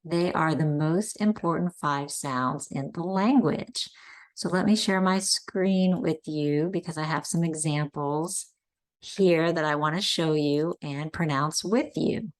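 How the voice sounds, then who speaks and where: A woman's voice: deep voice, a little slow. A woman teaching Spanish pronunciation online, carefully modeling vowel sounds for learners to repeat. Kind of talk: online language lesson.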